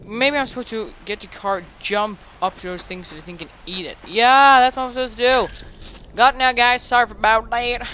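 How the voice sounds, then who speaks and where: A man giving excitable gaming commentary into a headset mic, swearing often and breaking into sudden yelps and shrieks. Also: very high-pitched, moderate pace, slight background noise. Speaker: let's play gamer.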